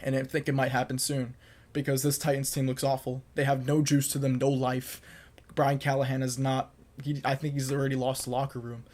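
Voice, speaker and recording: A man's voice: medium pitch, completely flat delivery, fairly quick, darkish tone. A young man hosting his own podcast, delivering confident football predictions in a solo monologue and repeating points for emphasis. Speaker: podcast host. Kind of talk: solo sports picks monologue.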